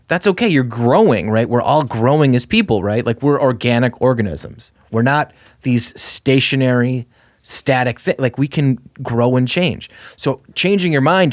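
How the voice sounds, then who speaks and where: A man in his thirties co-hosting a podcast, talking in a loose, animated, rambling way with lots of fillers. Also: medium pitch, dry recording, clean studio sound. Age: 30s. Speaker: podcast co-host. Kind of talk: casual chat.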